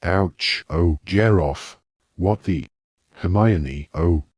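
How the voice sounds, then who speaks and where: A man's voice: low-pitched, extremely slow, darkish tone, slightly rough, no room sound, exaggerated voice. A man voicing an awkward teenage wizard. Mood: defensive. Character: awkward teenage wizard boy, defensive and apologetic.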